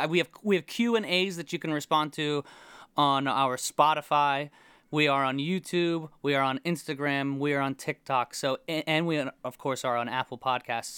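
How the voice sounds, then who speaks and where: A man's voice: a little high, a bit bright, smooth, no room sound. An American man co-hosting a podcast, talking in a casual, upbeat and enthusiastic way. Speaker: podcast co-host. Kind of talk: casual chat.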